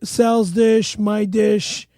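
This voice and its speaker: A man co-hosting a comedy podcast, talking in halting bursts with stumbling restarts. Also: high voice, flat delivery, dark tone, no room sound. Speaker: podcast co-host.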